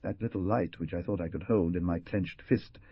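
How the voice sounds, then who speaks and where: A man's voice: low-pitched, moderate pace, no room sound. A man voicing a tortured young male prisoner who rants with feverish sarcasm, in a storybook reading. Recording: dull lo-fi dry recording.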